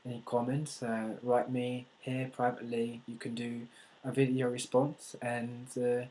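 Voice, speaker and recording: Flat-voiced man in a put-on accent. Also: mid-range voice, low-quality recording. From United States. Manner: deliberately speaking in an unusual put-on accent; hesitant, with many fillers and restarts. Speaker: vlogger. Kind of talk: casual talk to camera.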